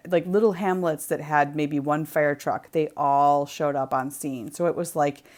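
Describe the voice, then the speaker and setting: A woman's voice: low voice, steady tone, unhurried, darkish tone. A woman from New England hosting a craft livestream from her home, telling a story in a rambling, chatty way full of ums and likes. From New England, USA. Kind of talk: casual chat storytelling. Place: home, near the kitchen.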